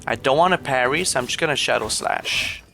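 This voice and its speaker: A man's voice: mid-range voice, fairly quick, creaky, bright, forceful tone, slight background noise. A young man with a Quebec French accent, a native French speaker, chatting casually while streaming a game. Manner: chatty, laughs often, shifts into playful French voices.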